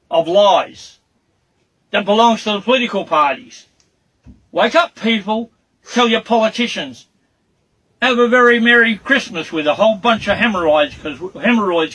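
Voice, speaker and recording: A man's voice: sits high, low-quality recording. An Australian man delivering an angry, accusatory rant, repeating his demands. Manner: shouting, accusatory, repetitive demands. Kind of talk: angry ranting monologue.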